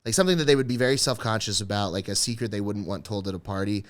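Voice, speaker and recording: A man's voice: fairly low pitch, very fast. A man who is a stand-up comedian, a guest on a podcast, talking loosely and profanely with lots of filler words. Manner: loose and profane, heavy use of "like". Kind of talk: casual podcast chat.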